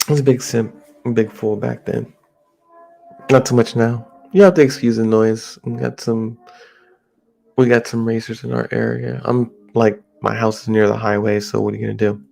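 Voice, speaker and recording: Gravelly-voiced man telling a rambling story. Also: medium pitch, level tone, normal speed, darkish tone, faint music behind. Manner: rambling, acts out friends' voices in quotes. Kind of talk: casual storytelling. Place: home near a highway.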